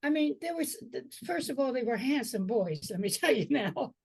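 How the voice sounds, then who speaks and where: An older woman telling lively stories as an alumna panelist on a video call. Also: high voice, moderate pace, gravelly, husky, dry recording. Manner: lively, animated storyteller.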